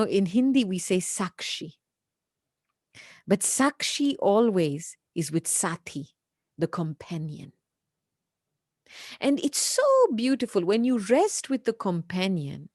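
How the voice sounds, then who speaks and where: Lively gentle British woman teaching. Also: on the high side, no echo, clean studio sound. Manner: gentle storytelling, soft whispered asides. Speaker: spiritual teacher. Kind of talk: spiritual class.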